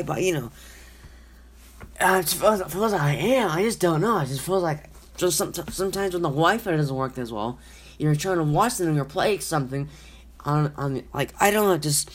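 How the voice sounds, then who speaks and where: A podcast host rants and tells stories alone in a casual, rambling, repetitive way, swearing often and restarting sentences. His medium-pitched voice moves at a moderate pace with lively intonation.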